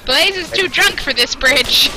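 A woman chatting casually while playing a shooter game, excitable and laughing, shouting callouts. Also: high voice, a little slow, poor audio. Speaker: gamer. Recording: game gunfire noise behind.

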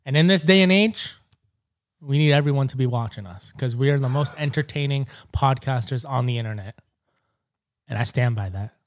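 A young man co-hosting a podcast in casual chat, dry and deadpan, confident. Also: medium pitch, normal speed. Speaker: podcast co-host.

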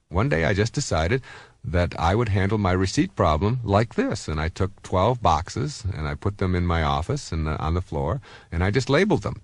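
A man in his fifties who writes self-help books gives a conversational motivational talk packed with personal stories. His voice is low and there's no echo. He uses lots of fillers and often restarts his sentences.

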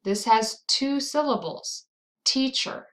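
A woman with an American accent teaching pronunciation, saying each word slowly and repeating it for the listener. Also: medium pitch, a bit bright, rough recording. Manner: drills words slowly and repeats them. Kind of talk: slow, clearly enunciated teaching.

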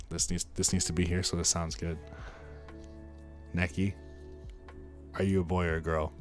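A young man streaming a fighting game, chatting casually with his viewers, joking and swearing. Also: sits low. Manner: loud, swearing, joking with chat. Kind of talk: casual gaming stream chat.

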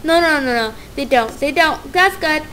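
A young woman doing casual let's play commentary, gushing with excitement and stumbling over words as she plays. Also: sits high, moderate pace, soft background music.

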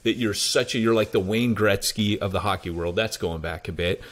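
Deep-voiced American man telling stories. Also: normal speed. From United States. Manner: animated, acts out quoted dialogue. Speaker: pastor and church planter. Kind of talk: conversational interview storytelling.

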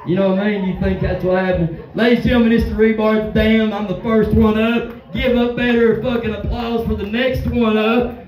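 A man's voice: high voice, level tone, normal speed, hardly any pauses, a little mellow, reverberant, recorded from a distance, rough recording. A man doing a crude, rowdy stand-up set and talking straight to a bar crowd. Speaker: stand-up comedian. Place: bar stage with a live audience.

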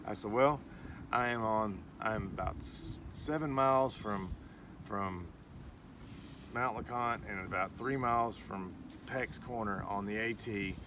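A middle-aged man tells a story with animation, acting out the voices of the people in it. He sounds set back from the mic, with clear outdoor background noise. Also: on the low side, a little slow, distant mic. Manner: animated storyteller who acts out dialogue. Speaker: vlogger's father. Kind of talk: casual storytelling.

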